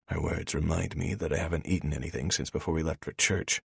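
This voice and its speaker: Brief: very deep, gravelly, husky male narrator, dry studio sound. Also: fast talker, no echo. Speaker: audiobook narrator. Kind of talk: first-person romance narration.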